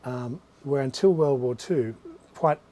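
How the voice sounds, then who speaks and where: A man's voice: mid-range voice, unhurried, warm tone. A man, an author, giving a live talk about his books in a bookshop, rambling through anecdotes with frequent restarts and asides. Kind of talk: live talk to a small audience.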